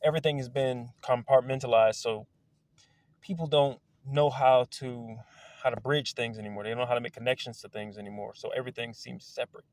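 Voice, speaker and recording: A man in a casual, rambling monologue outdoors, excitable and wandering, swearing now and then. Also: mid-range voice, fairly quick, no room sound. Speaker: video creator. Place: outdoors among trees.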